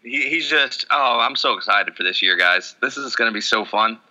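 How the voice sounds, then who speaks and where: A man co-hosting a casual sports podcast, excitable and loose, swearing and hedging with fillers. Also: medium pitch, normal speed, muffled recording. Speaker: podcast co-host.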